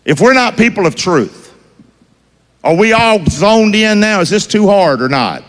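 A preacher with a fairly high voice swings it up and down as he drives his sermon. He keeps quizzing the congregation for call-and-response, folksy and emphatic. His voice rings out with a long reverb through a large hall. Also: animated, measured pace, a bit bright.

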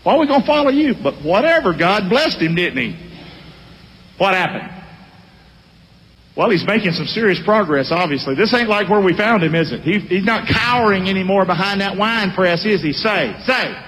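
A man's voice: high-pitched, moderate pace, slight background noise. A male pastor preaching a sermon, calling out to his congregation. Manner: animated, calls out to congregation. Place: church hall. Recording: echoey hall.

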